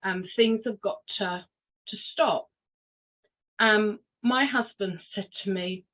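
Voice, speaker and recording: An older woman from Cornwall, a podcast guest telling her personal story in an unhurried, reflective way with frequent ums. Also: mid-range voice. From Cornwall, England. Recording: tinny phone-like line.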